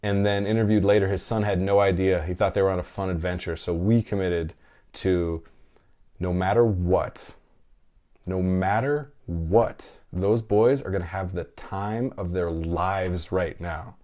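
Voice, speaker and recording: A man in his thirties hosts a podcast in a low, dark voice, keeping a steady tone at normal speed. During a casual live chat he reads listener comments, talking candidly and emotionally and swearing freely.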